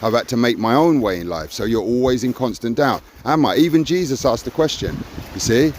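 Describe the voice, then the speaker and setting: Man, 60s, emphatic reflective co-host, mid-pitched voice, faint noise behind. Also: expressive, brisk, hardly any pauses, a little mellow. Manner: emphatic, keeps adding "see?" and acts out quoted encouragement. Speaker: co-host of a personal growth talk. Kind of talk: reflective casual conversation.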